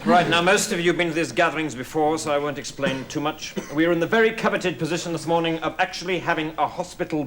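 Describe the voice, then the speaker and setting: A man in a sketch running a hospital bed auction with brisk auctioneer patter before a live audience. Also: on the high side. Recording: noisy 1980 comedy vinyl with live audience.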